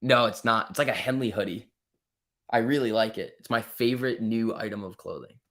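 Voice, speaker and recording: A man with a lowish, somewhat bright voice talks a little fast. On his casual live stream, he reads comments from viewers aloud and answers them with humor and mild ribbing.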